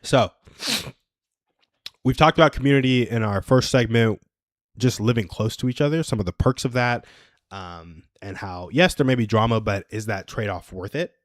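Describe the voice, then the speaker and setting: A man's voice: medium pitch, normal speed, no echo. A man in his twenties hosting a casual solo livestream. He rambles and chuckles at his own stories. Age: 20s. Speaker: livestream host.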